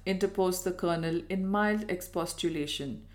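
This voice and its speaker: An audiobook reader, a woman with a mid-range voice, reads a Victorian novel aloud. Her scripted narration is measured and even in its storytelling.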